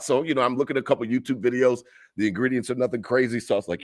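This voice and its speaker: A man's voice: medium pitch, very fast, dry recording, studio quality. A man co-hosting a sports podcast, giving blunt, opinionated takes in casual chat and repeating himself when fired up. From Buffalo area fan living in Charlotte. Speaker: podcast co-host.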